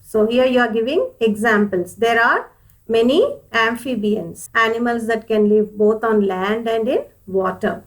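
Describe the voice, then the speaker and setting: A woman teaching an English grammar lesson, explaining patiently and repeating her points, with a fairly high voice. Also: measured pace, poor audio. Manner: patient, repeats points, addresses viewers as dears.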